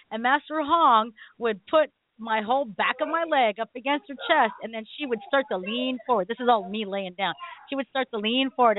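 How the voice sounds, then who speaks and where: A middle-aged woman hosting a call-in radio show, telling stories in an animated way and laughing often. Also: fairly high pitch, no room sound. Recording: tinny phone-line sound.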